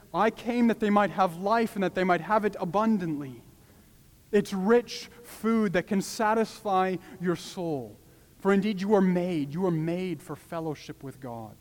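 A man's voice: high voice, long reverb tail. A man preaching a sermon, pleading with passion and rising to urgent cries.

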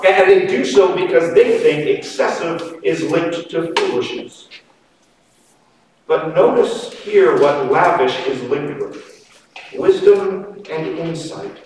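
A man preaching a sermon slowly and emphatically, his voice swinging from loud to quiet. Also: fairly high pitch. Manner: slow, emphatic preaching with dramatic swings in loudness. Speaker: pastor. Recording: echoey hall, distant mic, faint noise.

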